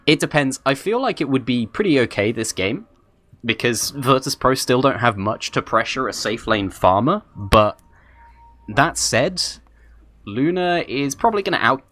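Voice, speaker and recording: A man's voice: mid-range voice, lively intonation, normal speed, a bit bright. A man doing live esports color commentary, conversational and analytical. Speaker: esports co-caster.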